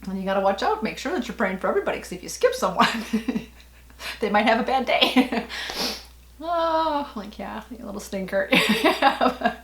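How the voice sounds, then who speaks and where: A woman's voice: on the high side, sing-song, normal speed, a bit bright, reverberant, a little hiss or hum. A middle-aged woman vlogging in a casual, rambling way, with many fillers and small laughs. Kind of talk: casual personal vlog talk.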